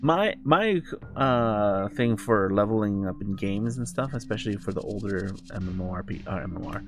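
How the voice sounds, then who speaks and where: A man's voice: on the low side, animated, moderate pace, faint music behind. A man streaming a game live, chatting casually in a rambling, self-correcting way. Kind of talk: casual live gaming commentary.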